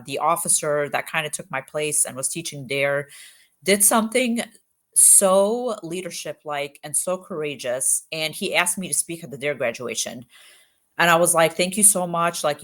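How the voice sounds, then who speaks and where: A woman police officer from Egypt speaks in an unusually low voice. She talks earnestly and emphatically, breaking into fast bursts and leaning on plenty of fillers as she tells her stories. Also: fairly bright tone. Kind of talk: candid interview storytelling.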